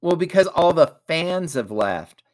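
Man reading as a sharp, confident young girl, pitched high. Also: big pitch swings, measured pace, no room sound, studio quality. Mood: bright. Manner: bright, confident. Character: bright clever young girl.

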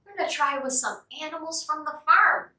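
A woman leading a music and movement program for toddlers, singing simple songs and talking in a slow, sing-song, cheerful way. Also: sits high, sharp tone, far from the mic. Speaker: children's music program leader. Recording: echoey room, voice a bit off-mic.

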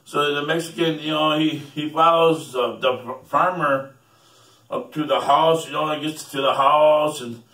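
A man rambles through a long joke in a relaxed, casual way, stumbling over repeated words and often breaking into chuckles. His voice runs fairly high. The sound is echoey and distant, with the mic some way off. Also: measured pace. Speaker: joke teller.

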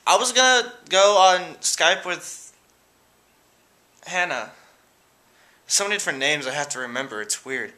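A teenage guy rambling through shout-outs in a casual vlog at home, giggling and hesitant. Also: a little high, animated, measured pace, pauses often. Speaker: vlogger. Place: room at home.

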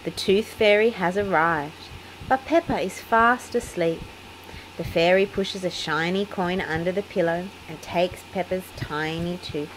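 Lady reading a kids picture book out loud, slow, expressive. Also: on the low side, slight background noise, low-quality recording. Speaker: children's book reader.

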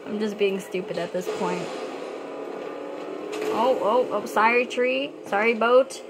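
A young woman chatting excitedly to herself while playing a video game. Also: on the high side, slow pace, pauses often. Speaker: gamer. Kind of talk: gameplay commentary. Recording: noisy game audio behind.

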